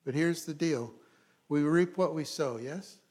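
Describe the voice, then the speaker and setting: A man's voice: on the high side, a little slow, darkish tone. A middle-aged male pastor preaching a sermon in a conversational way, with asides and frequent check-ins with the congregation.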